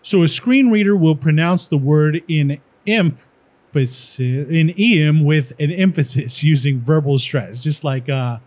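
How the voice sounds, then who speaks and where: A man tutoring coding in a casual screen-share walkthrough, thinking aloud in a relaxed way with many "all right"s and pauses. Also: on the high side.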